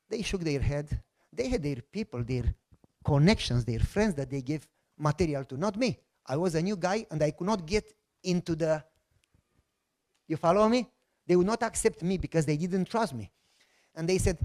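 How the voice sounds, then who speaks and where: A middle-aged pastor from Romania, speaking English with a Romanian accent in a fairly high voice. He tells his testimony as an animated story and acts out the voices of the people in it. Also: fairly quick.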